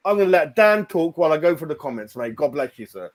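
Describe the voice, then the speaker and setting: A man, co-hosting a football fan channel and shouting his way through a heated post-match reaction rant. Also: on the high side, big pitch swings, fast. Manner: shouting, ranting.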